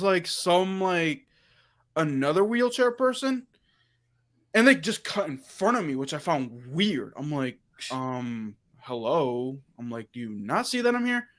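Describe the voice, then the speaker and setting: A high-pitched man in casual livestream chat. He tells stories with animation, acting out what everyone said in reported dialogue. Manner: animated storyteller, quoting himself and others in reported dialogue. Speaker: livestream host.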